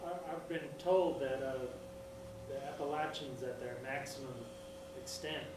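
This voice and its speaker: A man's voice: mid-range voice, steady tone, unhurried, echoey room, crowd noise, rough recording. A man in the audience asking a question, speaking hesitantly and trailing off.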